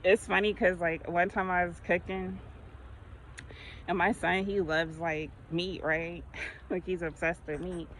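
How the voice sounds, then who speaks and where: A woman's voice: on the low side, level tone, a little slow, fairly bright tone, a little hiss or hum, poor audio. A woman vlogger chatting casually while walking outdoors, rambling through her stories and laughing often. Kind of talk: casual chat.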